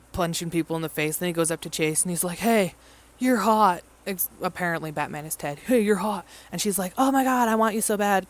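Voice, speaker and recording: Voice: medium pitch, creaky, a bit bright. A movie vlogger giving a casual, rambling and profane recap of a film, mimicking the characters in mock voices.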